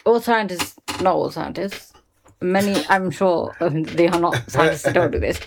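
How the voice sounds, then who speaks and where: A woman's voice: fairly low pitch, moderate pace, vocal fry, noisy background. Blunt, swearing woman. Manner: blunt, emphatic, swears freely. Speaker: podcast co-host. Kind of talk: casual chat.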